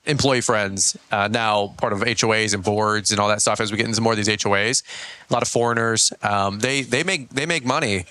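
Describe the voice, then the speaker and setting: A man's voice: fairly low pitch, brisk. A man, a small business owner and podcast guest, telling stories in a casual, slangy way. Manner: animated storyteller, slangy. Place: Michigan.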